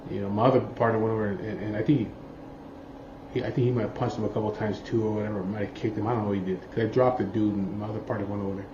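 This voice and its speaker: A man's voice: lowish voice, little pitch movement, very fast. A man telling a story from his biker life in a rambling, profane way, forever checking in with his listener. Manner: rambling, profane, keeps saying "you know what I mean". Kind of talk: casual storytelling. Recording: muffled, roomy, faint background noise.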